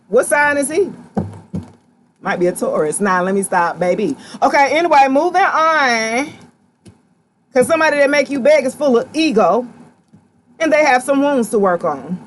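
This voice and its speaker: Sassy, lively tarot-reading woman. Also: high-pitched, a little hiss or hum. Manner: sassy, direct, slangy, animated. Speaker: tarot reader. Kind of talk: live tarot reading to viewers.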